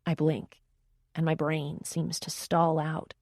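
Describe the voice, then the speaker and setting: A woman narrating a romance audiobook in the first person, with wry, expressive storytelling. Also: low-pitched, slow, no room sound, clean studio sound.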